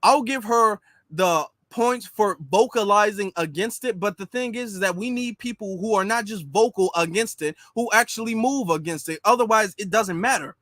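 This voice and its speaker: A man with a fairly high voice gives casual commentary in a sarcastic, mocking manner. He talks in an animated way, and the recording is dry and close with no room sound. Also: normal speed, hardly any pauses, no room sound.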